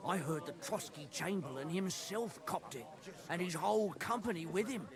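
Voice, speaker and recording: A man's voice: sits high, expressive, normal speed, a crowd in the background. A man playing a chatty, folksy innkeeper passing on grim news in a game. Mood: gossipy. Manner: chatty, colloquial folksy speech. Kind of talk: game dialogue.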